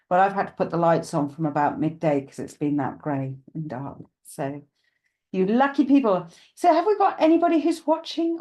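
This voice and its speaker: A woman's voice: mid-range voice, a little mellow. Brief: woman, live-stream host with a slight cough, rambling and friendly, greets viewers by name. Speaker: psychic medium hosting a live stream. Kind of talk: casual live-stream chat.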